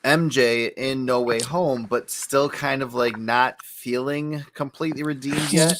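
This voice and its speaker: A man co-hosting a casual podcast, relaxed and laughing often as he lays out long fan theories. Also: medium pitch, a little slow, noisy background. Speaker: podcast co-host. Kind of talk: casual chat.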